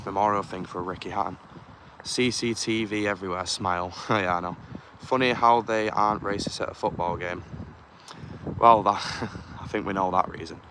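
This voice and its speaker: Low-voiced man livestreaming outdoors. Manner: chatty, quietly conspiratorial, reads comments aloud. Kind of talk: live outdoor stream reading chat comments. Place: outdoor car park at night. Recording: clear outdoor urban noise.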